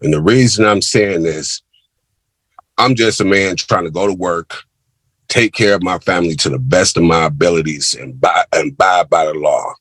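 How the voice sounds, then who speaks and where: A man's voice: low-pitched, normal speed, a bit bright, no room sound, rough recording. A crime victim, a man, giving a heated, emphatic victim impact statement to a court over a video call.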